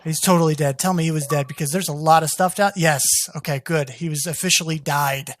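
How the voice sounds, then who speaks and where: A gaming channel host giving gameplay commentary, talking straight to viewers with excited, exasperated outbursts. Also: medium pitch, a little fast, dry recording. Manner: talks to viewers as "guys".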